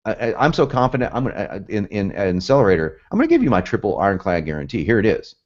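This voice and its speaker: A low-pitched man with a Southern US accent, with some Northern traces, teaching copywriting with big swings in his intonation. He talks emphatically and gets pumped up, repeats points, and drops in asides. The audio is a bit dull and lo-fi. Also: sing-song, racing. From United States, both North and South. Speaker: copywriting course instructor. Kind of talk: energetic teaching talk.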